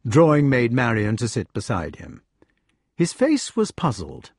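A man narrates a storybook with an expressive, animated lilt. His voice has a gentle huskiness. The recording is close-miked and dry. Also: mid-range voice, unhurried, husky, no echo. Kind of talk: audiobook narration.

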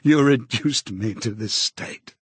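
Guy doing a wrecked tired prisoner, husky, kinda pleading, dry recording. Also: mid-range voice, takes it slowly, a bit bright, dry recording, full character voice. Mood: broken. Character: broken, weary male prisoner. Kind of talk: audiobook character reading.

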